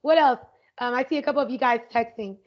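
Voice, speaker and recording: An energetic woman teaches an online workshop in an upbeat, conversational way. She keeps checking in with her listeners and her voice sits fairly high. The video call audio is dull and lo-fi. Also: fast talker. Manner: energetic and upbeat, often asks "right?". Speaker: educator leading an online workshop. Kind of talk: interactive online workshop talk.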